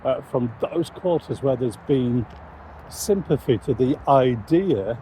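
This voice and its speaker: A man, a Christian commentator, giving measured, reflective commentary on current events. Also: medium pitch, expressive, dark tone, slight background noise, rough recording.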